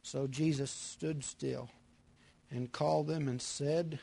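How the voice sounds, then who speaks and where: A man preaching a sermon, repeating his phrases with emphasis and moving between loud bursts and hushed lines. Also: a little high, steady tone, takes it slowly, vocal fry, slightly rough.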